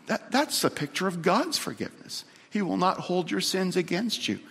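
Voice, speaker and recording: A man preaching a sermon, telling a story dramatically and swinging from loud to hushed. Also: sits high, big pitch swings, normal speed, creaky, slightly rough. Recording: long hall reverb.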